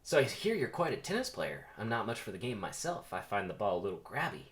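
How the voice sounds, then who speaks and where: A man's voice: on the low side, sing-song, quick pace, fairly bright tone. A man reading the part of a small, earnest, cheeky male bee in a comedic script reading, playful and teasing.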